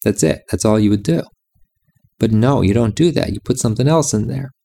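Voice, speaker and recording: A man's voice: fairly low pitch, fairly quick, vocal fry, warm tone. A man giving a reflective monologue about music and meditation, insistent and repeating his phrases.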